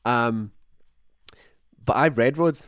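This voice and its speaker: A man's voice: medium pitch, slow pace, smooth, dry recording, clean studio sound. A young Scottish man with a Scottish accent, co-hosting a film podcast in casual chat, rambling and restarting his sentences. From Scotland. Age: young adult. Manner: rambling, self-interrupting, animated asides. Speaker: podcast co-host.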